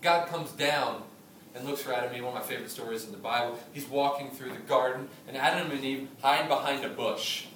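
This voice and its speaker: A man in his thirties preaching a sermon, chatty and humorous, telling stories with lively asides. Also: medium pitch, a little fast, slight background noise. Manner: conversational preaching, humorous asides, animated storytelling. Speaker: pastor. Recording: echoey room from a distance.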